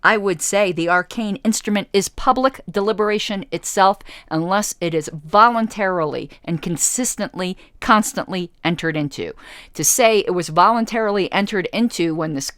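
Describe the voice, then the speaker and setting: A woman's voice: mid-range voice, moderate pace, fairly bright tone, no room sound, clean studio sound. A woman from the United States hosting a radio talk show, reading an article aloud and answering it with sarcasm. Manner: sarcastic, argumentative.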